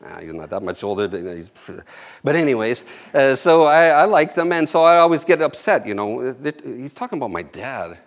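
A man's voice: medium pitch, big pitch swings, moderate pace. A man preaching an informal sermon, rambling and folksy, with frequent amens and chuckles.

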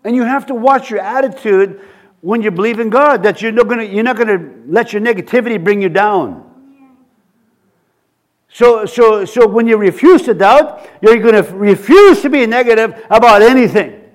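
A man preaching a sermon, halting and repeating words, acting out quotes from scripture characters. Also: high-pitched.

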